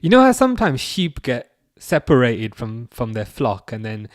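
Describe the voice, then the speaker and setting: A man with a mid-range voice and big swings in pitch talks at a normal speed while hosting a football watch-along stream. He chats loosely, answers viewers' comments, and frequently starts over in his rambling, casual talk. The recording is studio quality with no room sound.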